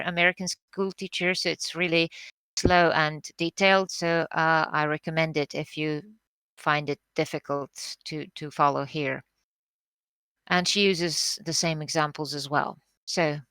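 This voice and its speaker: Woman teacher, slow careful lecture, bright clear voice, dry sound. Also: lowish voice, dry recording. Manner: careful, explanatory, with frequent fillers and restarts. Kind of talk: recorded lecture on poetry meter.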